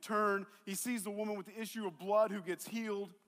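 A man's voice: high-pitched, flat delivery, a little fast, fairly bright tone, big-room sound. A man preaching a sermon as a pastor, talking casually and acting out the voices of the people in the story.

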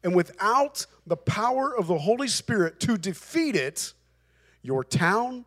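A man's voice: high-pitched, very animated, unhurried. A male pastor preaching a sermon, emphatic and repeating phrases for emphasis.

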